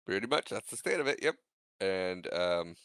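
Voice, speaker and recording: A man co-hosting a casual movie podcast, recapping scenes and acting out the characters' lines in an animated way. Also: deep voice, normal speed, smooth, dry recording. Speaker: podcast co-host.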